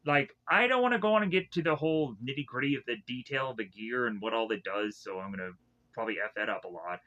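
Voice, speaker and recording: A man casually recapping anime episodes in a rambling way, with many restarts, who keeps breaking into animated impressions of the characters. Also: medium pitch, muffled recording. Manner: rambling, loosely retells scenes with many restarts; acts out characters' lines in a quick, animated way. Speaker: anime reviewer.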